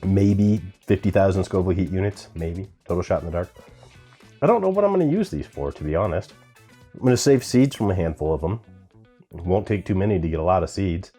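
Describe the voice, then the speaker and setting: A man's voice: deep voice, expressive, brisk, mellow, husky, soft background music. A man hosting a gardening channel, chatting casually to camera and owning up that he can't pronounce plant names. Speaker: gardening and pepper-tasting channel host. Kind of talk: casual vlog talk to camera.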